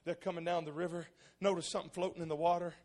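A man preaching a sermon, telling a story and building into loud, impassioned preaching. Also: fairly high pitch, little pitch movement, rapid-fire.

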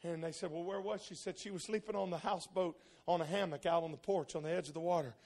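A man preaching a sermon, telling a story and building into loud, impassioned preaching. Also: on the high side, fairly even intonation, quick pace.

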